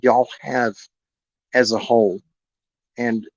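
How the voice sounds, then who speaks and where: A man's voice: medium pitch, level tone, slow, dry recording. A man, telling a heartfelt personal story in a rambling, earnest way to viewers on his live stream. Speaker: animal rescue host on a live stream. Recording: dull lo-fi live stream audio.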